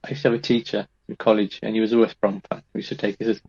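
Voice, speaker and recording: A man's voice: on the low side, little pitch movement, racing, creaky, few pauses, a little mellow, breathy edge, dull audio. A man from Wolverhampton, co-hosting a casual podcast with dry, brief replies. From Wolverhampton, England. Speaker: podcast co-host. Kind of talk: casual chat.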